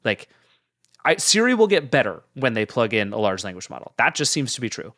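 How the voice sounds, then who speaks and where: A man co-hosting a tech podcast with a very lively, up-and-down delivery, pressing his points with skeptical emphasis. His voice is recorded close and dry. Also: medium pitch, a little fast, no room sound. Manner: emphatic, skeptical, builds arguments. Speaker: podcast co-host. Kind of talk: casual tech podcast chat.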